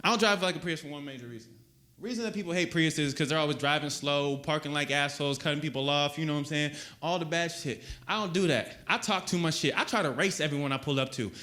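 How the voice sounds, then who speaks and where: A man doing a stand-up comedy set on stage, profane and animated, often acting out voices. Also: on the high side, quick pace.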